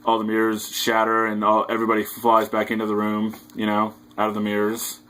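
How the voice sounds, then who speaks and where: Young male reviewer, low monotone, hesitant rambling recap. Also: fairly quick, slight background noise, low-quality recording. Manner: hesitant, loose retelling full of fillers. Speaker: movie reviewer. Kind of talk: casual rambling film recap.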